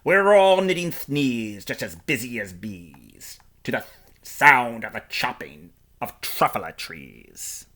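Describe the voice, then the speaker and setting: Male storybook reader, playful and expressive, bright voice, lively pitch, unhurried. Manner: playful, expressive, rhyming delivery. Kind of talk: performed storybook reading in first person.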